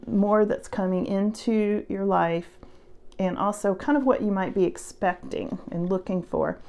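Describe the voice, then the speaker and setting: A woman giving a casual tarot reading to her viewers, chatty and reassuring, laughing often and getting animated when stirred up. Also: fairly low pitch. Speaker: tarot reader.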